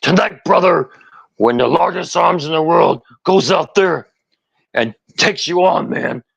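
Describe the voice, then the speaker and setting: A man's voice: fairly high pitch, a little slow, gravelly, husky, no room sound, voice pushed up, exaggerated voice. A man impersonating a boastful, muscle-bound male wrestling star giving a hyped promo and calling people brother.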